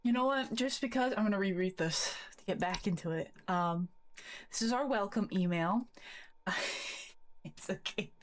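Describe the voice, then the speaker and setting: A woman's voice: mid-range voice, moderate pace, slight background noise. A young woman streaming from her bedroom, chatting casually in a rambling, giggly way and swearing freely. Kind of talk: casual live-stream chat. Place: bedroom at a desk.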